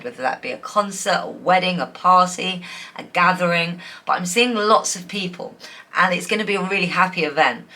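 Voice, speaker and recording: A woman's voice: on the low side, pushed and bright. A woman giving a chatty, enthusiastic tarot reading to her viewers, often breaking into giggles. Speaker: tarot reader. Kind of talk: casual pick-a-card reading.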